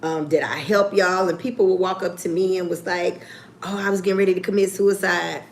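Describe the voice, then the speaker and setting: A woman chatting casually on a livestream, candid and profane, with lively swings in her voice. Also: lowish voice, a little fast, a little hiss or hum. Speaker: YouTuber.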